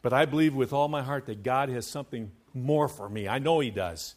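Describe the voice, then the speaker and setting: A man preaching a sermon as pastor to his church, swinging between hushed, quiet stretches and loud, fervent passages, and chanting scripture in a sing-song cadence. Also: medium pitch, brisk, few pauses.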